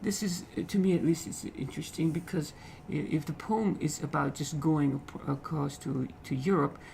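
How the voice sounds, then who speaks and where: Gravelly man explaining a poem. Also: a little high, steady tone, darkish tone, a little hiss or hum, poor audio. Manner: repeats phrases, frequent "okay?" checks, halting restarts. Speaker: literature teacher.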